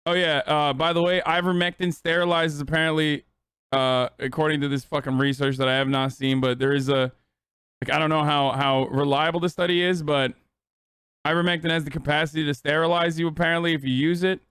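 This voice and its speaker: A man's voice: fairly high pitch, fairly even intonation, fairly quick, a bit bright, clear, resonant tone, dry recording. A man streaming live, reacting to clips with loose, profane, rambling commentary.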